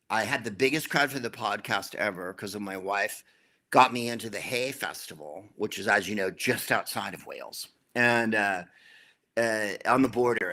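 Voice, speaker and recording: A middle-aged man, a comedian guest in an interview, telling anecdotes in a wry, dry way with quick asides. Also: fairly low pitch, sharp tone. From United States.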